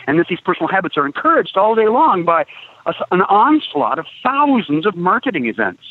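A man who is an activist street preacher, speaking as a radio interview guest: halting at first, then building into preacher-like emphasis. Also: a little high, big pitch swings, no echo. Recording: tinny phone line, dry.

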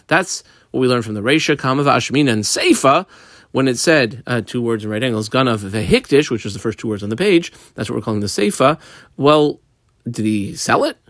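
A man giving a daily Talmud lesson, explaining the page casually with everyday examples and frequent pauses. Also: medium pitch, animated, a bit bright, no echo, clean studio sound. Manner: halting, with frequent ums and restarts. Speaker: Talmud teacher.

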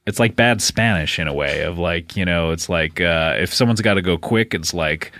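A man's voice: deep voice, fairly bright tone, no echo, clean studio sound. A man hosting a comedy podcast, rambling and teasing in casual chat. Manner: teasing, rambling, quick to laugh. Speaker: podcast host.

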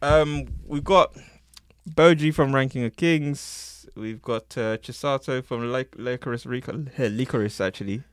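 A man's voice: medium pitch, a little slow, smooth, no echo, clean studio sound. A man hosting a casual podcast chat. He rants with lots of slang and laughs often. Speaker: podcast host.

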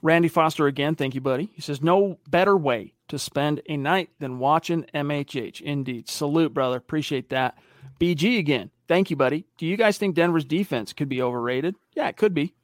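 With a voice on the high side and a fairly quick delivery, a man co-hosts a casual sports podcast, recorded in studio quality with no room sound. He works through the live chat's viewer comments and animatedly tells stories, acting out what people said.

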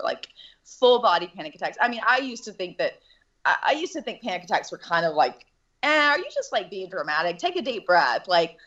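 Woman, low voice, candid personal storytelling, earnest and halting; slightly muffled recording. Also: fairly bright tone. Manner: earnest, halting, with restarts and nervous laughs. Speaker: actress and interview guest.

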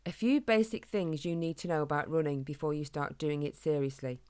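A woman's voice: deep voice, fairly even intonation, fairly quick, darkish tone, smooth, natural voice. A woman voicing a plump, fatherly male hedgehog who lectures his son, in a storybook reading. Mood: lecturing. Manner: patient, instructive, fatherly.

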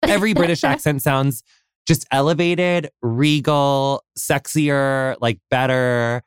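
A man's voice: mid-range voice, slow, clean tone, no echo, studio quality. An American man in his thirties hosting a casual interview podcast, effusive and gushing, full of "like" and casual swearing. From United States. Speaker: podcast host.

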